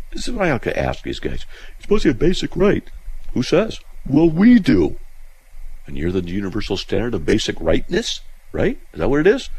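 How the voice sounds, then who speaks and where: A male radio host reading listener mail aloud and mocking it in a sarcastic, animated way. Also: slightly rough. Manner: sarcastic, mocking, animated with sudden pitch jumps.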